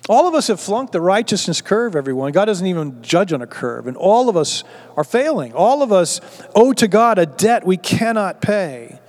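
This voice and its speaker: A man's voice: sits high, sing-song, normal speed, darkish tone. A pastor preaching a sermon in a conversational way, often restarting his sentences and retelling a scripture story in plain modern words.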